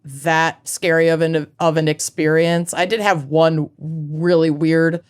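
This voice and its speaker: A woman's voice: low voice, steady tone, takes it slowly, clean tone. A woman in her thirties co-hosting a casual podcast chat, frank and swearing freely. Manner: frank and profane. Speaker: podcast co-host.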